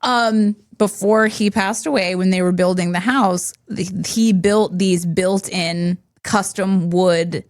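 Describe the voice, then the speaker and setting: A woman co-hosting a podcast, telling a homeowner's story in casual chat, animated and quick to laugh when stressed. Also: medium pitch. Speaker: podcast co-host.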